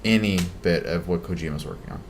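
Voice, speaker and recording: A man co-hosting a casual gaming podcast, making relaxed, dry remarks. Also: deep voice, quick pace. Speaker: podcast co-host.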